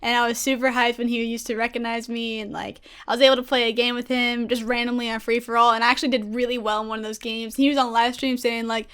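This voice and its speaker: A young woman with a high, bright-sounding voice chats on a gaming vlog. She is bubbly and giggly and gushes about people she admires. Her talk is loose and casual. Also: little pitch movement, fast, hardly any pauses, clean tone. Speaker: gaming YouTuber.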